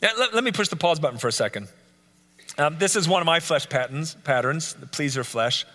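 Bright-voiced man teaching in a hall. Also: on the high side, expressive, fairly quick. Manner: earnest, lists traits one by one with repeated phrases. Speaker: Bible study teacher. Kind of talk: live teaching talk. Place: church meeting room.

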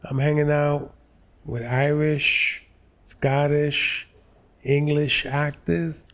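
A man in his sixties from New York's Lower East Side, an actor telling stories in an interview, slow and halting with many fillers. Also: flat delivery, a bit bright. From New York, Lower East Side. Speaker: actor, guest. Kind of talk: relaxed interview storytelling.

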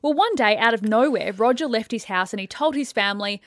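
A woman's voice: a little high, a little fast, dry recording, studio quality. Chatty woman telling a true-crime story. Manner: animated storyteller, slips into a crisp news-reader delivery. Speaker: podcast co-host.

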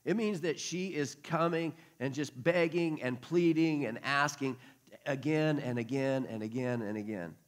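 A pastor preaching a conversational sermon, acting out quotes along the way. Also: male voice, medium pitch, a little slow.

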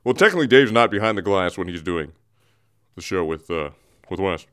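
A man's voice: deep voice, lively intonation, fairly quick, a bit bright, clean tone. A man hosting a radio show in a studio, talking sports in a loose, digressive way and often interrupting himself. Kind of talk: casual rambling sports talk.

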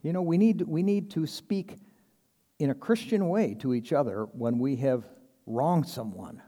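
A man's voice: a little high, unhurried, dark tone, long reverb tail. A man preaching a sermon in a conversational, earnest way, acting out little quoted exchanges and chuckling now and then. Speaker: pastor.

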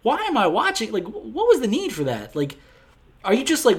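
A man in casual podcast chat, reviewing a film with animated, profane, exasperated rants. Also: high-pitched, brisk.

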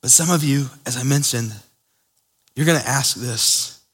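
A man's voice: mid-range voice, unhurried, fairly bright tone, breathy edge, big-room sound. A man preaching a sermon to a congregation, emphatic and conversational, speaking to them directly.

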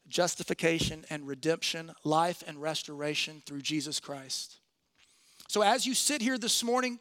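A man preaching a sermon in church, earnest, slowing and softening on key phrases. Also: a little high.

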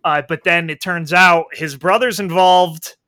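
Podcast co-host, man, bright and lively delivery, dry close sound, swears freely while riffing on a film. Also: fairly high pitch, unhurried, dry recording. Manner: animated, profane, acts out reactions. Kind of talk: casual movie review chat. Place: indoors at home, rain outside.

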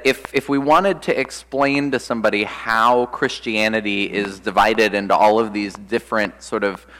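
A man, an Episcopal priest, preaching a sermon in a relaxed, thoughtful way, often pausing with "uh" and "um". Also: on the low side. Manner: conversational and reflective, with frequent "uh" and "um". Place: church. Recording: long church reverb.

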